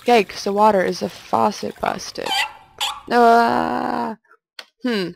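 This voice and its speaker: A woman's voice: on the high side, takes it slowly, vocal fry, a little hiss or hum. A young woman casually commenting on a game she is playing, reading its text aloud and joking as she goes. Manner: jokey, chatty, talks to herself. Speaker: let's play host.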